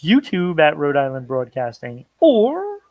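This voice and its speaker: Slow, chatty male talk show host. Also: a little high, huge pitch swings, no room sound, lo-fi sound. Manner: chatty, plugs channels, trails off and restarts. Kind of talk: casual pop culture chat.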